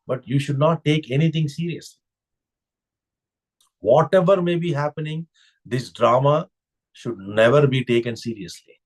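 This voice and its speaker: A man's voice: mid-range voice, normal speed, pauses often, a little mellow. Male spiritual teacher, mid-range voice, reflective discourse style, leans on rhetorical questions.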